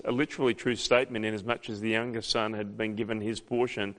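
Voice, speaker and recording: A man preaching a sermon as pastor, emphatic, with loud, dramatic peaks. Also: medium pitch, fairly even intonation, fast, hardly any pauses. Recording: long hall reverb.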